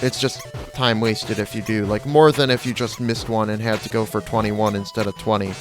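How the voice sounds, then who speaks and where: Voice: mid-range voice, steady tone, moderate pace, soft background music. A gamer giving casual, offhand, slightly sardonic commentary while playing. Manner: chatty, offhand, a bit sardonic. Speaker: let's play gamer.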